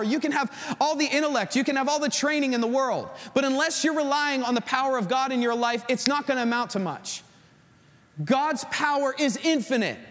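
Male pastor, high and very expressive delivery, sermon in a reverberant church. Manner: animated preaching, acts out stories.

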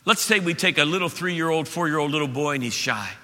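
Man, pastor, sermon, impassioned, very bright tone, slightly high voice, long church reverb. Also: quick pace. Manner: impassioned, rising to shouts at peaks. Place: church auditorium.

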